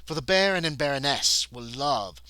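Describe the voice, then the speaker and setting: A man voicing a formal, courteous hunchbacked male butler in a solo tabletop horror game, speaking in a measured, polite way. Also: mid-range voice, lively intonation, sharp tone, dry recording.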